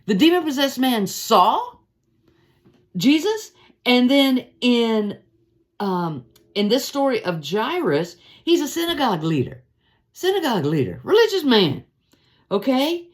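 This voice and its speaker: A woman's voice: fairly high pitch, unhurried, pauses often. A woman leads a daily devotional and talks through a Gospel chapter like a friendly chat. Her voice rises and falls a great deal, and she slips into the voices of the people in the story as she tells it. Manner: lively, conversational, acts out the story's voices. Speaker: Bible devotional host. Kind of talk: informal Bible teaching.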